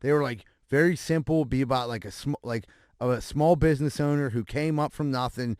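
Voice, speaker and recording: A man co-hosting a casual podcast, chatting and asking quick follow-up questions. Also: medium pitch, a little mellow, no room sound, studio quality. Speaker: podcast co-host. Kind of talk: casual chat.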